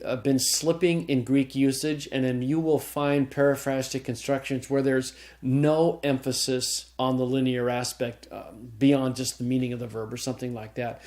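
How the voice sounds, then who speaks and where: Guy teaching a greek class, mid-pitched voice, keeps saying okay and restarting. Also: a little mellow. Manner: explanatory, checks in with "okay?", frequent restarts. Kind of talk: recorded classroom lecture.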